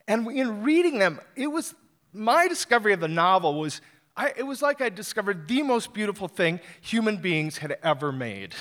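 A man telling a personal story on stage, animated and self-deprecating, often restarting his sentences. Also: high voice.

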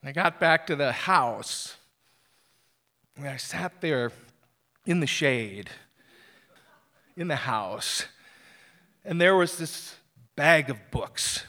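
A man telling a personal story on stage, animated and self-deprecating, often restarting his sentences. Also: a little high, takes it slowly, long pauses.

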